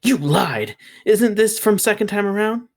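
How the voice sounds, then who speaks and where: A man voicing a stubborn, excitable ten-year-old girl who squeals and insists. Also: a little high, normal speed, pitched above the performer's own voice, close to an everyday voice. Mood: defiant.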